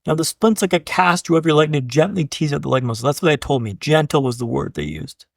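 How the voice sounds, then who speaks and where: A man's voice: on the high side, lively intonation, fast talker, creaky, no room sound, studio quality. A man, a keynote speaker and podcast guest, telling a story with punchy repeated beats, often addressing the host by name and swearing casually. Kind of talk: dramatic storytelling.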